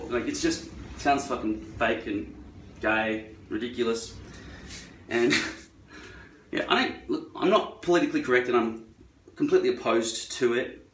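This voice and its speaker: A man's voice: mid-range voice, a little slow, pauses often, fairly bright tone. An Australian man talking in a rambling, profane and sarcastic monologue. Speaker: vlogger. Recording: echoey room, far from mic.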